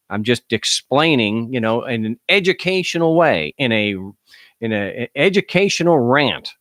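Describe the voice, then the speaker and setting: A man's voice: lowish voice, fairly bright tone, no echo, studio quality. A man hosting a talk show, speaking in a casual, sarcastic way and often stumbling over repeated words as he starts sentences. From United States. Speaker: show host. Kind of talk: casual call-in show monologue.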